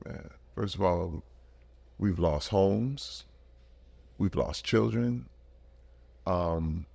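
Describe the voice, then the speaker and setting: A podcast guest in his fifties tells stories emphatically and animatedly in casual conversation. His voice is deep and gravelly.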